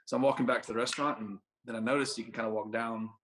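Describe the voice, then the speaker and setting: A man's voice: medium pitch, steady tone, very fast, fairly bright tone, slight background noise. Young man, podcast guest, casual storytelling, laid-back, rambling, lots of filler words. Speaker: podcast guest, baseball pitcher.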